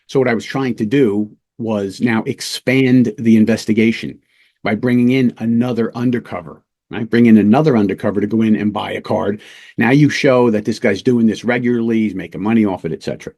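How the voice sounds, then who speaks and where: A middle-aged man, a police lieutenant, teaching undercover work through a casual, lively anecdote told with small restarts. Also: fairly low pitch, brisk. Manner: lively anecdotes, acts out quoted voices, fillers and restarts. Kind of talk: casual storytelling lesson.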